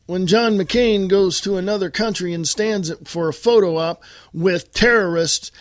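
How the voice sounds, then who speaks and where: A man's voice: sits high, no room sound, studio quality. An American man hosting a political talk podcast, delivering a blunt, combative monologue straight to his listeners. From United States. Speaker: podcast host.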